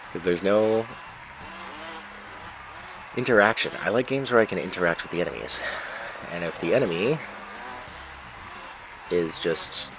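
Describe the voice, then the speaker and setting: A man giving casual, rambling commentary while playing a racing game, breaking off to react loudly whenever he crashes. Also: low-pitched, expressive, measured pace, pauses often. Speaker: gaming channel host. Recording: game music behind voice. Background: game music and engine sounds.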